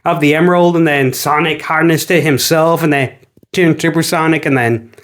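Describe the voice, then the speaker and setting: A man co-hosting a casual podcast chat, rambling through an animated retelling full of acted quotes. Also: on the high side, normal speed. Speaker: podcast co-host.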